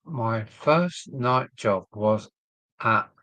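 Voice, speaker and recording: Older man with a southern English accent, unhurried and chuckly, reads viewer comments aloud in a dry, close-miked casual stream. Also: medium pitch, fairly bright tone, no echo. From southern England. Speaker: model railway live streamer. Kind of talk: casual live-stream chat. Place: home loft.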